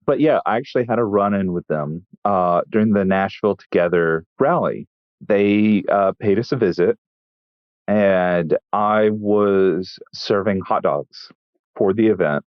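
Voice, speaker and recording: Casting: low-pitched male chef from Texas, dry deadpan raconteur, muffled close podcast mic. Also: measured pace, no room sound. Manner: wry, deadpan storytelling with frequent restarts. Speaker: chef and guest. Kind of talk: casual interview storytelling.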